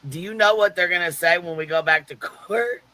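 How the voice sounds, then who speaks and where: A man's voice: high voice, brisk, pushed and bright, no room sound, rough recording. A man in a clip from another video, swearing in disbelief and laughing between lines. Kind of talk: ranting vlog clip.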